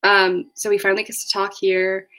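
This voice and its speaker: A woman co-hosting a casual podcast chat, retelling scenes with quick laughs and playful quoted voices. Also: mid-range voice, little pitch movement, bright, forceful tone. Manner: laughing, storytelling, acts out lines in quoted voices. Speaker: podcast co-host.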